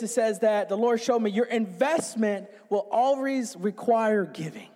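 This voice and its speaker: A man with a notably high voice delivers an excited sermon, jumping about as he speaks and getting the small congregation to repeat his lines. His voice rings with a long reverb off the walls of the church hall. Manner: call-and-response with congregation. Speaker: pastor. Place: small church with few people.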